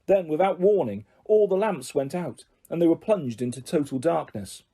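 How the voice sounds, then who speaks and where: A man narrating an audiobook in a steady storytelling manner, with occasional small slips. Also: a little high, normal speed, few pauses.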